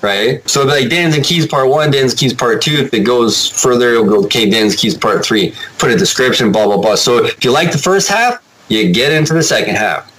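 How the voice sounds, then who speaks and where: A man chatting casually as a podcast guest, rambling and animated, swearing now and then. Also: medium pitch, brisk, hardly any pauses, rough recording. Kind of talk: casual chat.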